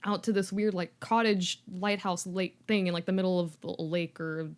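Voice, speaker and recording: A woman co-hosting a podcast, chatty and animated, retelling a story and dropping into quick character voices. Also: lowish voice, smooth. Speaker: podcast co-host. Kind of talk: casual chat, retelling a story.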